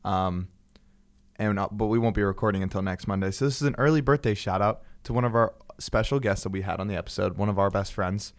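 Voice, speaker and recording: A man's voice: lowish voice, quick pace. A young man hosting a casual podcast chat, upbeat and joking, with lots of ums. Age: young adult. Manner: upbeat, joking, many fillers. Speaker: podcast host.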